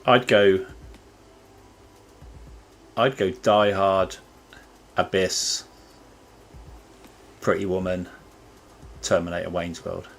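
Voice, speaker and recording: A man on a casual panel, matter-of-fact, reasoning through dates out loud. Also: deep voice, fairly even intonation, very slow, creaky, pauses often.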